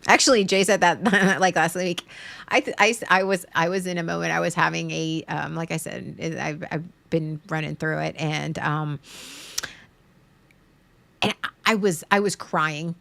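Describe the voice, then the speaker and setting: A woman's voice: low voice, steady tone, normal speed, vocal fry, fairly bright tone. A woman in her thirties talking on a live stream, rambling and emotional, restarting her sentences and laughing between thoughts.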